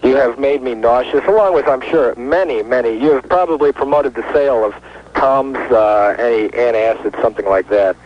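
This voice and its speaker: A man's voice: medium pitch, normal speed, a little hiss or hum. A man calling a radio show, defensive and mocking, heard through a lo-fi phone line. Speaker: caller.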